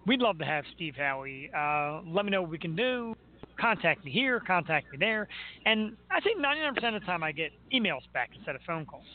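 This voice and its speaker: A man hosting a radio talk show, telling animated stories with playful asides. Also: fairly high pitch. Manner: animated storyteller, playful voices in anecdotes. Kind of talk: casual radio banter. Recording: tinny phone-like line.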